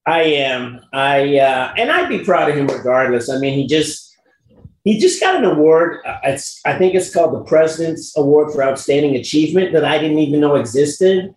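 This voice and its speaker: A man's voice: fairly high pitch, very animated, normal speed, echoey room, slight background noise, rough recording. A man guesting in a casual chat, talking animatedly and laughing often. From England. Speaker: guest actor.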